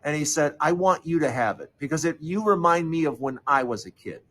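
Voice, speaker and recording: Middle-aged male storyteller, slightly high voice, conversational, lots of restarts, drops low and soft for quoted lines. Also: animated. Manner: conversational, halting, many restarts and fillers; softens and lowers voice when quoting others. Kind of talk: personal storytelling.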